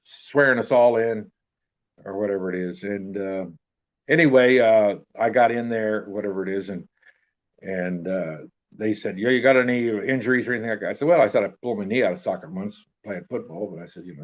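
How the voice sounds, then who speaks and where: An older man in his seventies telling a long personal story in a rambling, profane way, acting out what people said. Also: on the low side. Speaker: interviewee telling a life story. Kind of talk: casual spoken anecdote. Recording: dull, muffled lo-fi recording.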